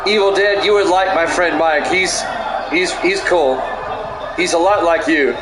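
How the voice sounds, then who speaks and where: A middle-aged man with a slightly high voice calls football plays in a relaxed play-by-play style, breaking off into rambling stories for his chat. He laughs often. The sound is roomy and echoey, with a steady noise underneath. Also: normal speed. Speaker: streamer doing game commentary. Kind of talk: play-by-play commentary mixed with chatty storytelling. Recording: echoey room with background noise.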